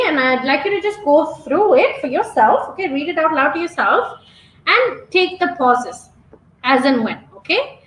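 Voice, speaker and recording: A woman's voice: high-pitched, a bit bright, roomy sound, a little hiss or hum, low-quality recording. A woman exam trainer teaching an online webinar, who keeps checking in with her students by asking "okay?". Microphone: computer mic on webinar.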